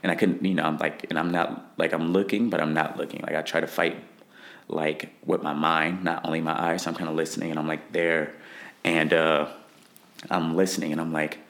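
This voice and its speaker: A man's voice: very deep voice, little pitch movement, fairly quick, creaky, a bit bright. A young man, a fighter, answering interview questions in a rambling way, full of "like" fillers.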